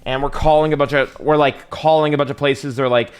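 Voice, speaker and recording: A man's voice: fairly high pitch, steady tone, a little fast, smooth. A young man streaming live, telling a long story in a rambling, profane, slang-heavy way.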